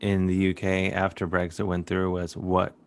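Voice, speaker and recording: A man's voice: low-pitched, monotone, moderate pace, a little mellow, clean tone. A man from suburban Cleveland, hosting a casual comedic interview and asking questions in a playful, goofy way. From suburban Cleveland, USA. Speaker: talk show host. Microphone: video call.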